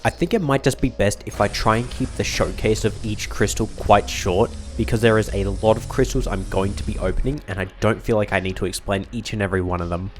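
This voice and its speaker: A man giving calm, matter-of-fact commentary as he plays a mobile game and opens rewards. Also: on the low side. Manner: measured, matter-of-fact narration of crystal openings. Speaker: gaming YouTuber. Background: background music.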